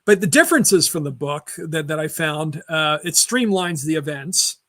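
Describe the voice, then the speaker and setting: A man's voice: a little high, lively intonation, normal speed, bright, forceful tone. A man hosting a casual film discussion, rambling through film trivia with many fillers and restarts. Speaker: podcast host.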